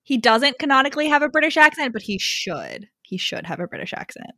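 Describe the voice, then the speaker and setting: A woman co-hosting a podcast, retelling a story in a profane, animated way with frequent laughs. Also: high voice, a little fast, no room sound, clean studio sound. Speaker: podcast co-host. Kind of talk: casual chat.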